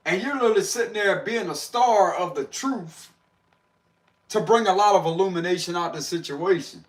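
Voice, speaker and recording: A man's voice: sits high, normal speed. A man doing a casual livestream tarot reading, slangy and laughing often as he talks to viewers. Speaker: tarot reader.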